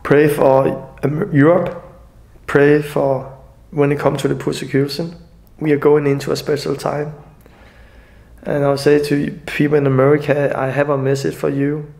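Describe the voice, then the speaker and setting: Gravelly, tearful man, earnest and halting. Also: fairly high pitch, flat delivery, a little mellow. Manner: earnest, halting, non-native phrasing. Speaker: evangelist. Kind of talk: emotional personal video message.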